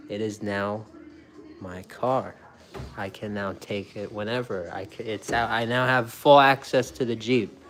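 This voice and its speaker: A young man chatting casually as a food review vlogger, rambling and excitable, restarting his sentences often. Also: lowish voice, unhurried, a little hiss or hum. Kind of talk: casual chat.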